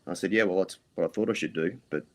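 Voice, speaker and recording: A man's voice: low-pitched, fast. A middle-aged Australian man, a podcast guest, telling rambling stories full of ums and restarts. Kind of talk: casual interview storytelling.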